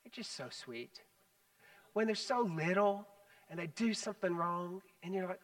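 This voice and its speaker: A man preaching a sermon as pastor, animated, swinging between loud emphasis and hushed asides. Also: high-pitched, normal speed, recorded from a distance, rough recording. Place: church sanctuary.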